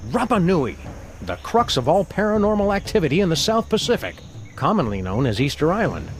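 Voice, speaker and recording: A deadpan dog detective. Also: male voice, on the high side, fairly quick. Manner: dry, long-winded deadpan. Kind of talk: video game voice acting.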